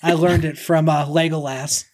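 A man's voice: on the high side, level tone, moderate pace, darkish tone. A man making playful jokes in a casual chat. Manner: joking, playful interruptions.

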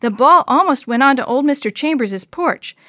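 A woman's voice: high-pitched, animated, normal speed, fairly bright tone, no echo, studio quality, voice pushed up. A woman voicing an earnest, worried young schoolgirl in a children's storybook reading. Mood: warning.

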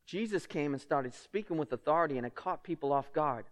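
A man's voice: a little high, animated, a little fast. A male pastor preaching a sermon in a conversational, emphatic way, often asking the congregation rhetorical questions.

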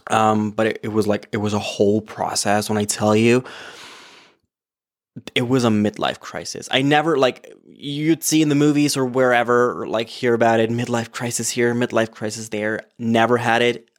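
A man's voice: mid-range voice, little pitch movement, normal speed. A man hosting his own podcast alone at home, talking candidly and rambling, with many fillers and frequent swearing. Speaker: podcast host. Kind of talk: casual solo podcast monologue. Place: home, apartment. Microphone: podcast microphone on an iPad.

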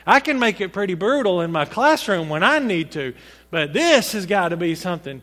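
A high-voiced man preaches with animated energy, firing off rhetorical questions to his congregation. His voice rings through a large church hall with a long, trailing reverb. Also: moderate pace. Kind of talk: sermon.

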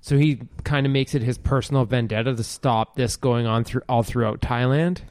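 A man's voice: medium pitch, steady tone, moderate pace, darkish tone, dry recording. A man in his forties hosting a podcast, chatting casually about movies, rambling and full of fillers, with the odd swear. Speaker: podcast host.

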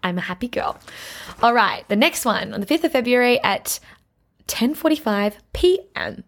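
A woman talks straight to her camera in a bubbly, gushing way, tossing in playful asides. Her voice sits a little high. She sounds relaxed and chatty, sitting indoors in a craft room. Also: normal speed. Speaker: vlogger and podcast host. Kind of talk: casual chat to camera.

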